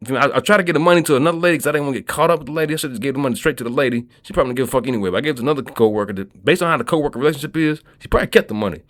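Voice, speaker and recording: A Kentucky man, a vlogger, talks at a racing clip in a medium-pitched voice. His monologue rambles and runs profane, delivered streetwise, and he keeps checking in with listeners by asking "you feel me."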